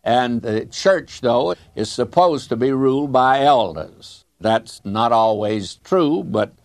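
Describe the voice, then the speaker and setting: A male radio Bible teacher with a folksy, storytelling delivery that drifts into side remarks. His pitch sits in a middling range. The sound is dry and close-miked. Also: animated, slow, no echo.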